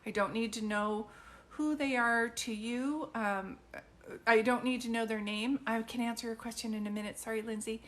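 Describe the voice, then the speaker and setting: A woman doing live psychic readings for viewers, chatty and informal, filling pauses with ums and calling people sweetie. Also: on the high side, fairly even intonation, fairly bright tone. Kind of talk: livestream chat with viewers.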